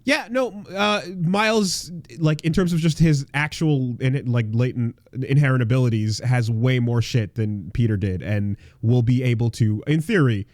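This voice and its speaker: A man's voice: medium pitch, moderate pace, hardly any pauses, darkish tone, no room sound, studio quality. A man co-hosting a casual podcast, rambling and swearing, with lots of fillers and restarts. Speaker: podcast co-host.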